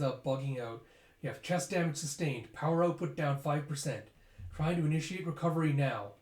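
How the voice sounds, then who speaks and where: A man casually reading through a manga chapter aloud, adding sound effects and commentary. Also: mid-range voice. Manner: casual, animated, uses sound effects and fillers. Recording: roomy echo.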